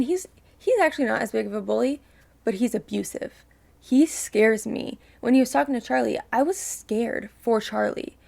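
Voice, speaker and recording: A woman's voice: fairly high pitch, gravelly. A young woman hosting a reaction video, talking casually and emotionally, ranting and swearing freely.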